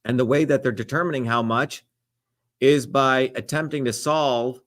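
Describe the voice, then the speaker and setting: A man's voice: medium pitch, steady tone, normal speed, fairly bright tone. A middle-aged man answering debate questions on a live stream, emphatic and lecturing in tone. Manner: emphatic, lecturing, repeats "the reality is".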